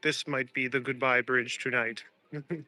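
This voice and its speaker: Out walking on a live stream, a young man from Canada reads viewer comments and jokes around, relaxed and laughing often. His voice is medium-pitched, steady, unhurried, bright and forceful, recorded with no echo and soft music behind him.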